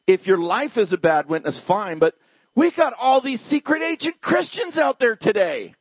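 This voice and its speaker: Animated high-voiced male preacher. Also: moderate pace, breathy edge, no echo. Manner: humorous, animated, talks to the congregation. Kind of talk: lively storytelling sermon.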